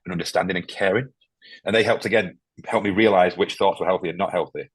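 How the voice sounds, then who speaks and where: Male guest, deep husky voice, quick and halting, emotional and candid. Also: steady tone, no echo. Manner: halting, emotional, many restarts. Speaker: podcast guest, firefighter. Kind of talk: candid interview conversation.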